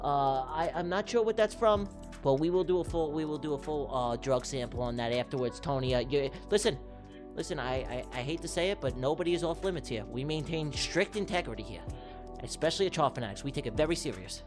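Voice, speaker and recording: A man hosting a livestream, calling comic races like an excitable sports commentator, jumping from mock-serious to shouting names. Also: a little high, brisk, over music. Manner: excitable, jokey race-caller, shouting names. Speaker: livestream host running giveaway races.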